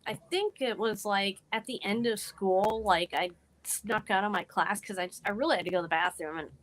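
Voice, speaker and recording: A woman as a podcast guest, earnestly telling a personal story in a halting way with frequent restarts. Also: medium pitch, a bit bright, poor audio.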